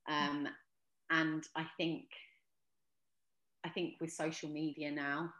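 A woman's voice: deep voice, level tone, slow pace, a bit bright, roomy sound, dull audio. A woman speaking as a podcast guest about mental health, earnest and reflective, with frequent ums and restarts. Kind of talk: casual podcast interview.

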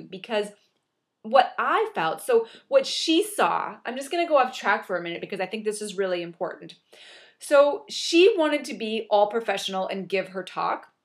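A woman's voice: medium pitch, animated, normal speed. Earnest encouraging woman speaker. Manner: earnest, encouraging, repetitive emphasis. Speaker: motivational speaker. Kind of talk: motivational monologue.

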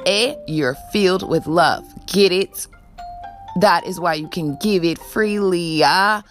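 With faint music in the background, a woman speaks slowly in a voice on the low side, giving a spiritual pep talk to camera. Her tone is preachy, she tags most sentences with a questioning "ah?", and she sighs at times before blowing love.

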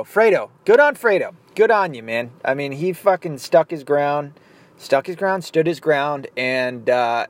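Male podcast host, opinionated and foul-mouthed, with an animated, lively delivery. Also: on the high side. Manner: profane, blunt, opinionated. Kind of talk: casual ranting commentary.

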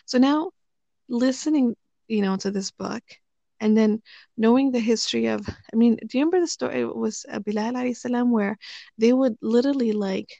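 A woman telling stories in relaxed conversation, rambling with many fillers and restarts. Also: fairly high pitch, brisk, gravelly, no room sound. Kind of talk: casual conversational storytelling. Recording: dry, slightly muffled recording.

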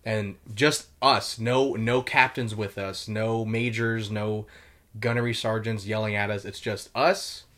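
With a lowish, steady, somewhat bright voice and a measured pace, this young ex-Marine talks casually as a podcast guest. His rambling stories are packed with fillers and frequent swearing.

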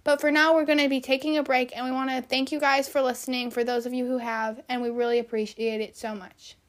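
A high, bright-voiced young woman co-hosts a casual podcast, upbeat and quick to giggle. Her tone stays chatty and friendly throughout. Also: little pitch movement. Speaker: podcast co-host.

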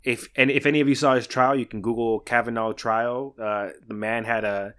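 A man's voice: mid-range voice, flat delivery, fairly bright tone, clear, resonant tone. Male podcast co-host, mid-range voice, casual indignant chat with frequent laughs. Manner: indignant, laughing, fast restarts.

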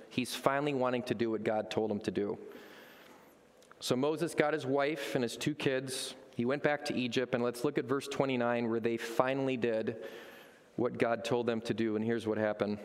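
A man's voice: mid-range voice, in a large hall. A man preaching a sermon as a pastor, telling stories with energy and acting out voices. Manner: animated storytelling, acts out voices.

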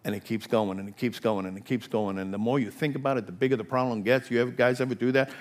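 Preaching with fervor, this older man repeats himself and shifts from hushed murmurs to rising, booming cries. He has a mid-range, steady voice and keeps a quick pace.

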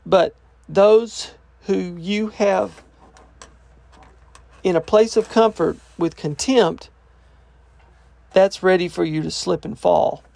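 A man's voice: high-pitched, slow pace, gravelly, long pauses, a little mellow, no echo. A man teaching through a scripture passage verse by verse, reading each part aloud and then restating it in plain, casual words. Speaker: Bible teacher.

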